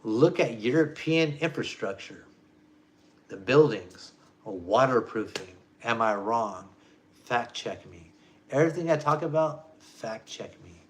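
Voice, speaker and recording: A man ranting to camera as a vlogger, profane and emphatic, swinging between loud jabs and low mutters. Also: animated, slow pace, slight background noise.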